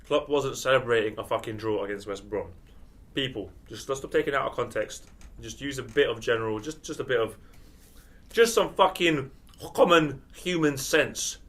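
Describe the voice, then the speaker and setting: A man's voice: mid-range voice, normal speed. A man joking and telling stories in football panel banter. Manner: animated storytelling, teasing. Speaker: panel regular.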